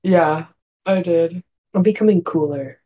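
A woman's voice: on the low side, a little slow, dark tone, husky. A woman in her twenties co-hosting a podcast in casual chat, giggly and wry. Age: 20s. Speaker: podcast co-host.

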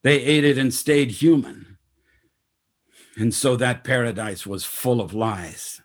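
A weary, proud old chief, as a storyteller voices him answers in blunt, bitter phrases, slow and measured. His voice sits in an ordinary middle pitch, unhurried throughout. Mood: defiant.

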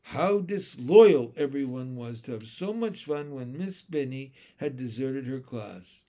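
A man reading a children's chapter book aloud in an expressive, unhurried way. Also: medium pitch. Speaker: storyteller.

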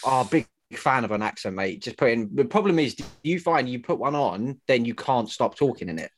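A man's voice: mid-range voice, lively intonation, moderate pace. A man, a podcast guest, talking bluntly and emphatically in casual chat.

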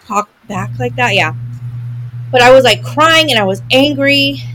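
A woman's voice: on the high side, lively intonation, measured pace, a bit bright, rough recording. A woman in her forties, co-hosting a podcast and telling an emotional personal story in casual chat, full of fillers and restarts. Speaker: podcast co-host.

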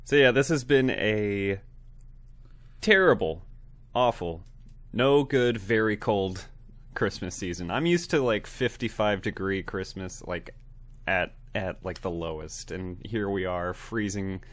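A man's voice: lowish voice, measured pace. A sick, sniffly man co-hosting a podcast in a laid-back, self-deprecating chat. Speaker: podcast co-host.

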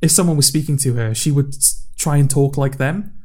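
A young man chats casually with a friend, circling through an anecdote with plenty of restarts and quick bursts of laughter. His storytelling is loose and meandering. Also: medium pitch, warm tone. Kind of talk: casual chat.

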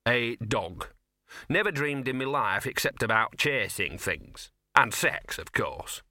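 Guy doing a scruffy wisecracking talking dog, slangy and grumbly, bright edge, dry sound. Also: mid-range voice, sing-song, takes it slowly, dry recording, exaggerated voice. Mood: grumbling. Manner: slangy, grumbling street talk.

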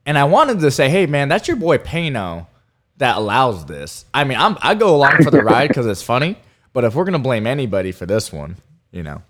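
A man's voice: mid-range voice, sing-song, a little fast. A man co-hosting a podcast, telling rambling stories with many fillers and laughs. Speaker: podcast co-host. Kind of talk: casual storytelling chat.

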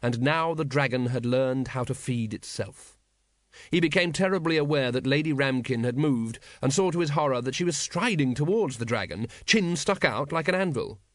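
A man narrating an audiobook in a measured, wry storytelling manner. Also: mid-range voice, lively intonation, no echo, studio quality.

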